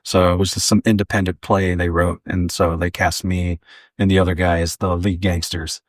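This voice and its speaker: A man's voice: sits low, little pitch movement, moderate pace, dry recording, studio quality. A man in his forties, a guest comedian, telling casual stories in a podcast interview, rambling with lots of fillers and restarts.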